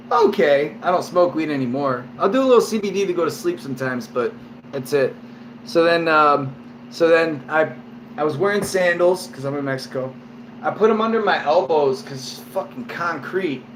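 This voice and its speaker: A man's voice: a little high, a little hiss or hum. A man vlogging at home, a little drunk, telling a long story to camera in a rambling way, with constant swearing and fillers. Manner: rambling and heavily profane, lots of fillers. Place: at home, indoors.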